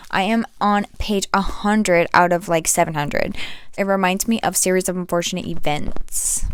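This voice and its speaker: A young woman chatting casually as a book vlogger, animated and full of slang and playful asides to her viewers. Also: mid-range voice, slight background noise. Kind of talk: casual monthly reading wrap-up chat.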